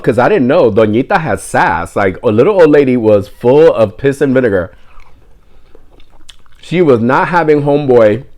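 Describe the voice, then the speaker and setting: Guy telling a story to the camera, jokey and animated, wanders off on tangents, throws in spanish words, medium voice. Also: medium pitch. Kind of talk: casual storytelling.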